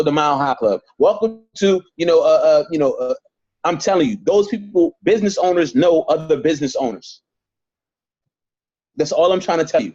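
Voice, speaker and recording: Leading a network marketing session on a video call, the man talks directly to his group, hammering his points emphatically and repeating them. He has a high voice that is a little mellow and slightly rough, heard through dull audio.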